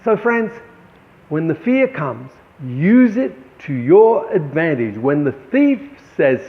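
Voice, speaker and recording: A man's voice: fairly high pitch, very animated, slow pace. A man, a painter, giving an encouraging motivational talk to fellow artists, calling them friends. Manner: encouraging, addresses viewers as friends. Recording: echoey, tinny phone-like sound.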